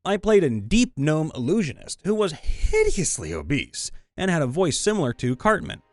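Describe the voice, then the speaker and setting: A man's voice: a little high, very animated, moderate pace. A man, a voice actor, reading fan stories in a playful, upbeat, goofy way. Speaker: voice actor and story narrator.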